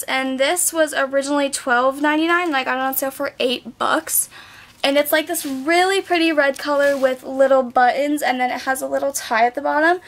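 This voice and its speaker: A woman's voice: high voice, a bit bright, a little hiss or hum. A nineteen-year-old woman chatting casually in a haul video, bubbly and full of "like" fillers. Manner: bubbly, chatty, says "like" a lot. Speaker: beauty vlogger. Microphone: camera mic.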